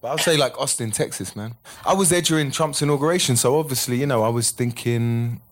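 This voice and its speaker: Male guest, relaxed, mid-range voice, lots of "man". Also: medium pitch, fairly quick. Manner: laid-back, says "man" a lot. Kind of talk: casual chat.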